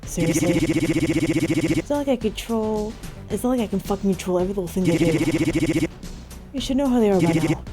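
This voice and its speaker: A woman voicing an angry, hostile young man who shouts and swears while reading game dialogue aloud. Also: mid-range voice, animated, fairly quick, pauses often, faint music behind, natural voice. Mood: furious.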